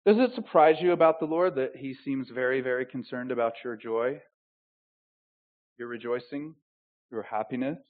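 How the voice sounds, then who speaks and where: A man preaching a sermon as pastor, swinging between loud emphatic declarations and quiet, intimate asides. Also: mid-range voice, moderate pace, long pauses. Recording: tinny phone-like sound.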